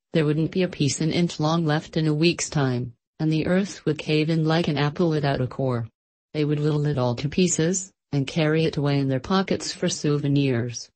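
A woman reading aloud, voicing an old male Santa Claus who speaks in a slow, commanding and hearty way. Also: low voice, darkish tone, natural voice.

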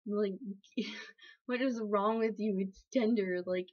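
A woman plays a betrayed hen mother, bitter and dismissive, tossing off flippant, slangy sarcasm in a middle-pitched voice. The recording is a bit dull and lo-fi. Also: fairly even intonation, slow, darkish tone. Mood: scornful.

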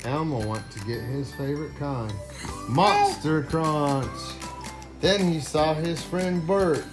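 A man's voice: fairly high pitch, very animated, slow, over music. A man reading a children's storybook aloud to his kids at bedtime, playful and teasing, with joking asides.

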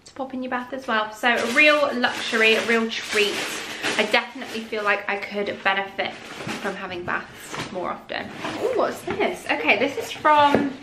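A young woman chatting casually through a haul vlog, sometimes dropping to a whisper. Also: on the high side. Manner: chatty, drops to a whisper at times. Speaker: vlogger. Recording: echoey room with faint noise.

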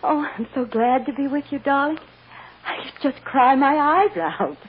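A woman's voice: mid-range voice, sing-song, normal speed, husky. A tender soothing mother. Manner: soft, soothing, coaxing. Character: tender devoted mother comforting her child. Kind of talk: 1940s radio acting. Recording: dull old radio recording with hiss.

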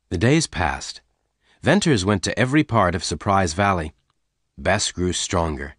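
Brief: male narrator, low voice, lively intonation, measured story reading. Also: dry recording, studio quality.

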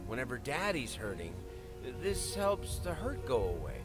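A man's voice: mid-range voice, wildly swooping pitch, measured pace. An actor playing a middle-aged drunken father who coaxes his small daughter, then snaps and apologizes. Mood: coaxing. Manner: soft and coaxing, then snapping and apologetic. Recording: game audio with music underneath.

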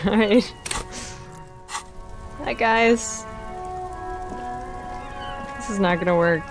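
A woman's voice: mid-range voice, very slow, soft background music. Giggly woman playing a game. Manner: giggly, chatty. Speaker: gaming streamer. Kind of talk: let's-play commentary, reading dialogue aloud.

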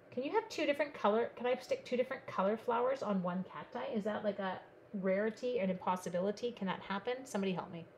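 A woman demonstrating card-making on a live online stream, chatting brightly with viewers as she works. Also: mid-range voice, a little hiss or hum. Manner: chatty, bubbly, talks to viewers while working.

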